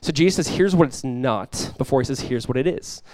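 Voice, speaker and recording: A man's voice: medium pitch, fairly quick, a little mellow, dry recording. A young adult male pastor giving a conversational sermon, joking and acting out little quotes.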